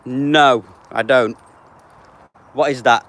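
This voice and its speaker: A man's voice: medium pitch, fairly even intonation, slow, fairly bright tone. A man, chatting casually on a live stream and answering viewers by name. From England. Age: 30s. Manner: reads out viewer names and answers them offhand.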